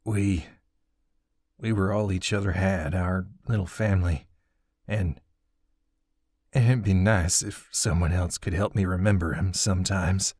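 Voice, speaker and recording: A man doing a gentle, grieving old craftsman. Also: deep voice, steady tone, measured pace, long pauses, husky, no echo, clean studio sound, full character voice. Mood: tender, grieving. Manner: gentle, soothing, rustic dialect. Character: bearded older male craftsman, grieving tender father.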